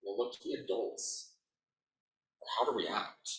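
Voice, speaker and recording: A man in his thirties giving a conversational presentation as an educator, animated and sprinkled with "like.". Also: fairly low pitch, measured pace. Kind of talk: conference presentation. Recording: echoey room, mic at a distance.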